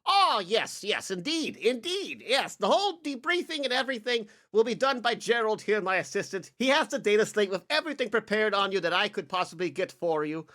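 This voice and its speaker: A man's voice: sits high, sing-song, brisk, few pauses, bright, forceful tone, voice pushed up, full character voice. A man voicing a pompous, well-groomed noble who speaks fussily, formally and apologetically. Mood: flustered. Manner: fussy, apologetic and overly formal.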